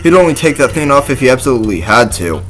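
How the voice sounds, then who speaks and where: A man's voice: medium pitch, big pitch swings, fast talker, a bit bright, faint music behind, low-quality recording. A man voicing a lazy, joking male skeleton, reading game dialogue aloud with an offhand, laid-back delivery.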